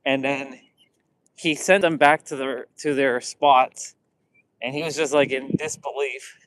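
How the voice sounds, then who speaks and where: A man's voice: medium pitch, steady tone, a little slow, a bit bright, poor audio. Guy rambling thru a funny story, lots of restarts, does little voices for people. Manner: rambling, many restarts, acts out quotes. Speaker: vlogger. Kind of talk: casual storytelling.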